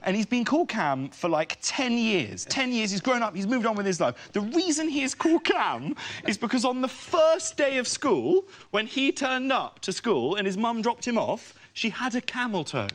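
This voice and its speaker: Posh young guest, bright tense tone, pitch swinging wildly. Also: male voice, normal speed, few pauses. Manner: excitable, stammering storyteller who squeals on punchlines. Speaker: talk show guest. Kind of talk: chat show anecdotes.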